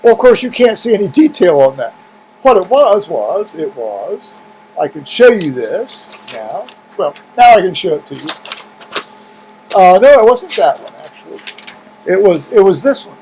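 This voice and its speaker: A man's voice: high-pitched, very animated, normal speed, darkish tone, slight background noise, low-quality recording. A middle-aged man talking casually to camera in a video blog at home, rambling with many restarts and fillers. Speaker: video blogger. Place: home room with heaters running.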